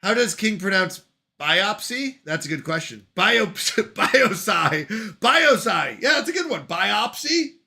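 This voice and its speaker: Male streamer host, high and piercingly bright, playful, laughing banter with chat. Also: very animated, measured pace. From Canada. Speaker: livestream host reading chat. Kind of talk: casual live-stream chat. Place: at home on a couch.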